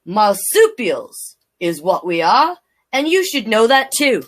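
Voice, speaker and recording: A woman's voice: medium pitch, big pitch swings, slow pace. A woman voicing a grumpy male koala who is fed up with being called a bear, in a put-on Australian accent and a sing-song, rhyming storybook delivery. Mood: indignant.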